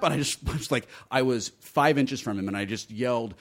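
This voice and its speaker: A man's voice: mid-range voice, fairly quick, fairly bright tone. A middle-aged man telling stories in casual chat, candid and profane, laughing often. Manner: candid storyteller, swears freely, laughs often.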